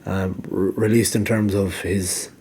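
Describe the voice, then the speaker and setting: A man's voice: low-pitched, little pitch movement, measured pace, a little mellow, a little hiss or hum. A man giving rambling casual commentary, full of ums and restarts, and he is losing his voice. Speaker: MMA vlogger.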